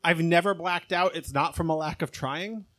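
Man, slightly high voice, halting rambling storyteller, casual podcast chat. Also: bright, forceful tone. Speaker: guest.

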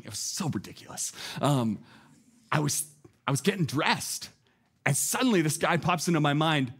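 A pastor giving a sermon in a conversational, animated way, with lots of casual asides. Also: male voice, a little high.

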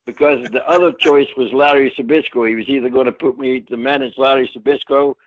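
A man's voice: medium pitch, steady tone, a little fast, dry recording, phone-quality sound. An older man from Scotland, a retired wrestler, telling rambling folksy stories in a casual interview. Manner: folksy, rambling storyteller who does voices in his anecdotes. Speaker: retired pro wrestler guest.

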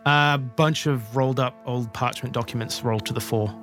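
A man running a tabletop game, narrating in a measured, descriptive way. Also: mid-range voice, fairly even intonation, a bit bright, faint music behind. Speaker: game master.

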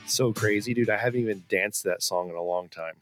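A man's voice: lowish voice, a little fast, fairly bright tone, no echo, studio quality, faint music behind. A man co-hosting a podcast, chatting casually over a video call and laughing often between restarts. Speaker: podcast co-host. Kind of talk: casual chat.

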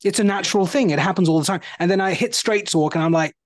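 A man's voice: sits high, quick pace. A man with a British accent, of Indian origin, hosting a podcast in conversational interview style and speaking earnestly. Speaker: podcast host.

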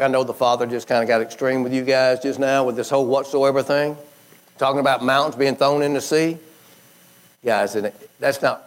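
A man preaching a sermon in a folksy, conversational way, quoting scripture and swinging between high emphatic bursts and low quiet drops.

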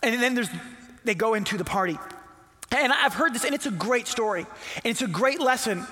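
A man's voice: very high voice, expressive, a little fast, bright, forceful tone. A man, a pastor, telling a Bible story in a casual, playful sermon that acts out the characters. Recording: long hall reverb.

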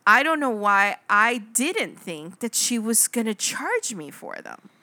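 A woman with a bright, clear voice chats casually as a podcast co-host. She tells stories in an animated way, laughs easily, and her pitch swings widely. The sound is dry and close. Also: a little slow, no echo. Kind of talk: casual chat.

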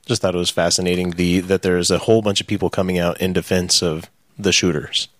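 A man co-hosting a casual podcast, talking in halting bursts as he searches for words. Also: sits low, steady tone, a bit bright. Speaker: podcast co-host. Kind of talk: casual chat.

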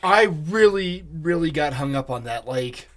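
A man co-hosting a podcast in loose, joking chat. His voice sits fairly high, and he swears freely and spins silly riffs. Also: lively intonation, measured pace, a bit bright. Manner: joking, swears a lot, playful. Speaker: podcast co-host. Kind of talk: casual chat.

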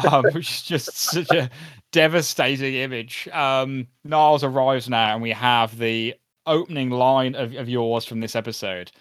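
A man co-hosting a podcast, chatting casually and enthusiastically with quick asides. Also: mid-range voice, fairly bright tone, clear, resonant tone. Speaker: podcast co-host. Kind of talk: casual chat.

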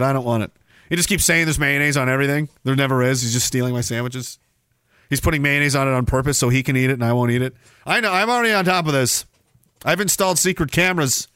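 A man's voice: mid-range voice, fast, fairly bright tone, smooth, no echo. A man hosting a podcast stream, reading chat messages aloud and ranting in a profane, sarcastic way that wanders off on tangents. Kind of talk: casual ranting livestream talk.

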